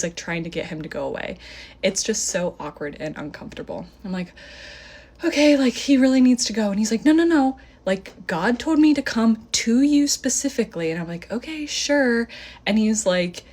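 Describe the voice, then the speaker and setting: A young woman telling a story in a casual phone-video style, animated, with lots of filler "like" and a voice that jumps high whenever she quotes someone. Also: slightly rough.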